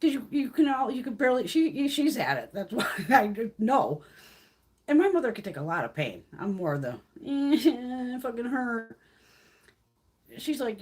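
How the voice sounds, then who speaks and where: Woman, 50s, livestream host: husky, high-ish, very lively pitch, blunt profane rants. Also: unhurried. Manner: blunt, profane and ranting, with frequent laughs; acts out others' lines in quoted voices. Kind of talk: casual livestream chat.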